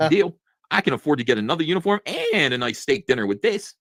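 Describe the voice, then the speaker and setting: Lively sarcastic man, fast talker. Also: fairly high pitch, no echo, clean studio sound. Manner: sarcastic, mocking, reads comic lines in put-on voices. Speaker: podcast co-host. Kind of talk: casual comic review chat.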